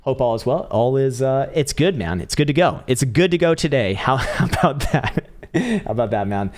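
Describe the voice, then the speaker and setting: A man's voice: mid-range voice, lively intonation, normal speed. A young man hosting a crypto trading livestream, talking through charts in a blunt, profane, casual way and laughing often. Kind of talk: casual live chart analysis.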